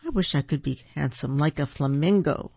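A small, wistful chameleon from a children's picture book, read by a reader in a gentle voice with a gravelly edge. Its lines sound wishful and slow. The recording is dull and dry. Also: medium pitch, no echo.

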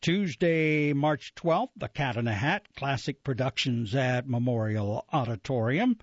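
A man reads through a list of upcoming shows and dates with an animated, rising and falling delivery. He drops in casual asides and corrects his own slips. The sound is dry and a little dull. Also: medium pitch, a little slow, no echo. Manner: lively, self-correcting, with asides. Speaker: radio events announcer. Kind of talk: reading an events calendar.

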